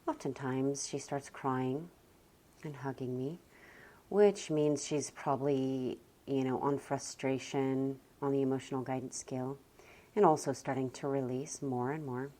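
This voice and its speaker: A young adult woman talking gently and slowly about calm parenting, often dropping almost to a whisper. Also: a bass voice. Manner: soft, slow and gentle, often near a whisper. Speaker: parenting vlogger. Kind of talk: calm reflective talk to camera.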